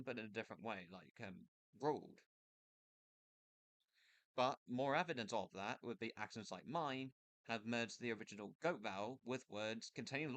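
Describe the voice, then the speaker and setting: A man explains a topic in a casual, unscripted voice, pausing to think and restarting his sentences. His pitch sits in the middle range. The recording is dry and close, from a computer mic used for screen capture. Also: a bit bright, dry recording. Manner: thinking aloud, loose and hesitant, with pauses and restarts. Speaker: video creator explaining accents.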